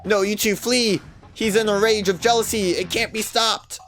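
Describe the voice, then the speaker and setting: A man's voice: high voice, steady tone, moderate pace, fairly bright tone, faint music behind, voice pushed up. A man voicing a frantic, loyal male servant urgently warning his prince to flee. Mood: panicked. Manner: urgent, pleading.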